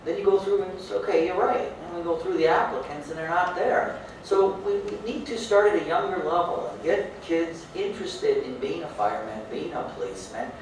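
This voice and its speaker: A man who is the mayor, answering a debate question in a halting way and often repeating words. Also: fairly high pitch. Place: large echoey hall, heard from far off. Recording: echoey hall, distant mic, faint hiss.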